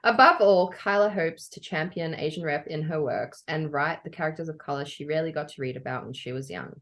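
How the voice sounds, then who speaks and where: Woman co-host, low-pitched, playful and giggly on a remote call. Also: a little fast, fairly bright tone. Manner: laughing, chatty, playful. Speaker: podcast co-host. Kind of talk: casual chat. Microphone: video call.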